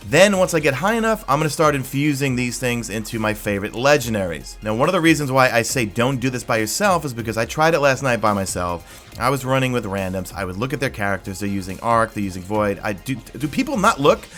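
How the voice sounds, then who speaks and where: A male gaming YouTuber talks viewers through a game in a casual, rambling way, excited and full of quick asides. His voice sits at an ordinary mid pitch. Faint music plays underneath. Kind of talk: casual gameplay guide commentary.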